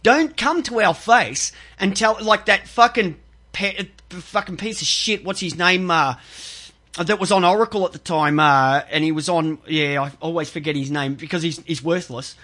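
A man's voice: fairly high pitch, moderate pace, pushed and bright. A man hosting a casual talk show, cursing often and rambling with frequent restarts. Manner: profane, rambling, with many restarts. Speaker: show host.

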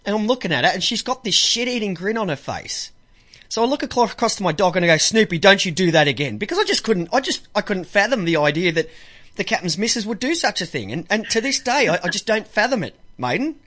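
Aussie male radio host, high lively voice, joking banter, laughs a lot. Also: fast. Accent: Australian. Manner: joking, laughs often, acts out voices in anecdotes. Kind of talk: casual on-air banter.

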